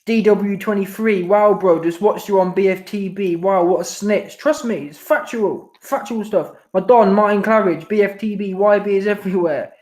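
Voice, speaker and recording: The boxing commentary host reads out viewer messages on his casual live stream, bantering in a slangy, repetitive, laid-back style. His voice is high-pitched, a little mellow, and moves at normal speed with few pauses. There's a roomy echo.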